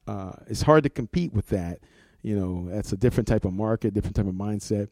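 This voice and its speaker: A man's voice: lowish voice, fairly quick, mellow, no room sound. A middle-aged man, a comics art director, talking casually in an interview, rambling and repeating words, laughing often.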